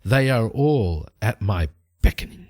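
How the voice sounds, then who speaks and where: A man's voice: fairly low pitch, lively intonation, a little slow, a little mellow. A man voicing a nervous but boastful male elf mage who stammers and then turns grandiose.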